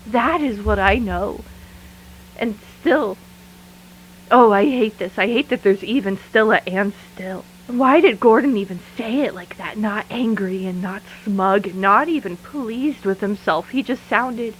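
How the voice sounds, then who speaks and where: A woman's voice: mid-range voice, unhurried, a little hiss or hum, natural voice, low-quality recording. An actress voicing a frightened, sleepless woman who confides her thoughts to a tape recorder in an audio drama monologue. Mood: shaken. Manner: hushed and confiding, then rattled and angry. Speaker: lead character of an audio drama.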